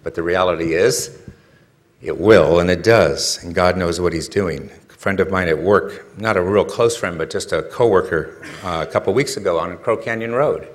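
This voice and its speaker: A man's voice: low voice, normal speed. A man preaching a sermon in a conversational way, asking the listeners rhetorical questions and rising to emphatic peaks. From California.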